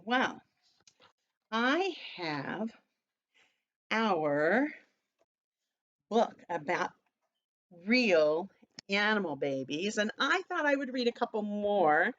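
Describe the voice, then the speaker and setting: A woman preschool teacher leading online circle time at home, talking to young children in an animated, sing-song way. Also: medium pitch, slow, long pauses, lo-fi sound.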